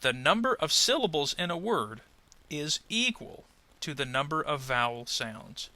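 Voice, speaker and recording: Lively, bright-voiced male pronunciation teacher. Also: a little high. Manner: clear, deliberate, over-articulates example words. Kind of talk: scripted lesson voice-over.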